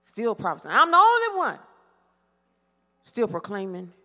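A woman's voice: fairly high pitch, huge pitch swings, unhurried, sharp tone, big-room sound, full character voice. A woman playing a weary, self-pitying prophet. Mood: complaining.

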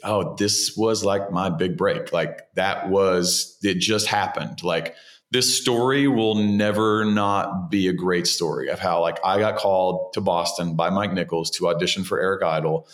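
A man in his forties from the United States, a guest actor telling animated, casual stories and swearing freely now and then. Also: low voice, normal speed. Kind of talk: casual storytelling.

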